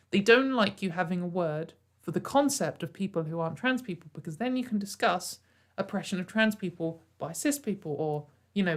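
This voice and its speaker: A woman hosting a casual commentary show, mocking what she reads out and laughing often. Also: medium pitch. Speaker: commentary channel host.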